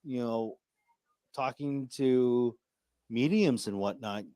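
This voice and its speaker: A man's voice: medium pitch, slow pace, mellow, clear, resonant tone, no room sound. A man co-hosting a live radio talk show, chiming in with short, hesitant remarks. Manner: hesitant, short backing replies.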